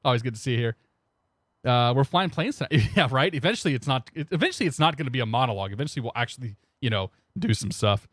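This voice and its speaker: Talking fast and expressively into his new desk mic, a young man streams a flight simulator, chatting loosely and welcoming viewers by name. His voice is medium-pitched and a bit bright, and the recording is dry and studio-clean.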